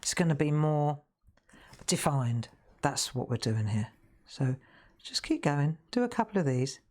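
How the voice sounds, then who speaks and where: A woman's voice: low voice, expressive, unhurried, a little mellow. A middle-aged woman, chatting casually and laughing often while demonstrating crafts on a live stream.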